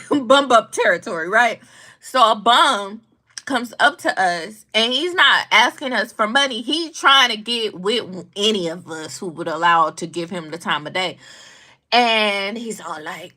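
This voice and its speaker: Brief: young woman, high bright voice, animated storyteller with a blunt, slangy delivery. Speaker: vlogger commenting on news. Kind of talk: casual storytelling commentary.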